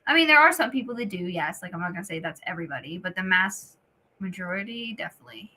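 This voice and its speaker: Young female guest, bright tense voice, laid-back hedging chat. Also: medium pitch, lively intonation, quick pace. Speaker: podcast guest. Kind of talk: casual chat.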